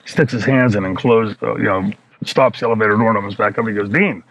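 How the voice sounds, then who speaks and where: A man's voice: lowish voice, quick pace, gravelly, low-quality recording. A man in his fifties, an interview guest, telling a story with plenty of swearing and acting out the people in it. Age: 50s. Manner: profane, animated storytelling that acts out the people in his stories.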